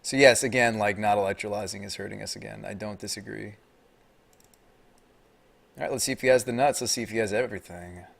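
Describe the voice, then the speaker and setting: Man, American accent, live card game stream, casual commentary, excitable, talks to chat. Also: a little fast, gravelly, long pauses. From United States. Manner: excitable, talks to chat and opponent, gets loud and high when tense.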